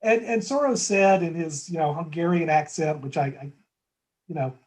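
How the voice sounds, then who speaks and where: A man's voice: a little high, moderate pace, a little mellow, rough recording. A man as a guest in a conversational market discussion, talking thoughtfully with frequent restarts and tag questions.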